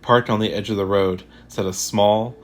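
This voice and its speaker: Low-voiced man narrating a horror story. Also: steady tone, moderate pace.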